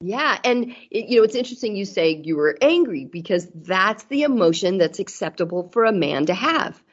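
A woman's voice: mid-range voice, lively intonation, moderate pace. Chatty woman with muffled audio. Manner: chatty, acts out quoted dialogue. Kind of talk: casual chat about marriage.

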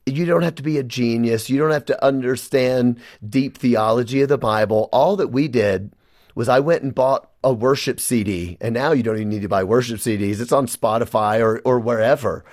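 A man's voice: mid-range voice, normal speed, a little mellow, dry recording, studio quality. A man, a guest on a radio interview, telling an emotional personal story of faith in an earnest way.

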